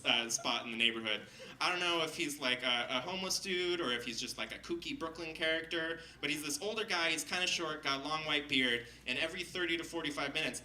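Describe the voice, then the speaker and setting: A man telling a funny personal story on stage to a live audience, lively and laughing as he goes, acting out the people he quotes. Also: a little high, reverberant, far from the mic, slight background noise, low-quality recording. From Seattle. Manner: animated, laughing, acts out quoted voices.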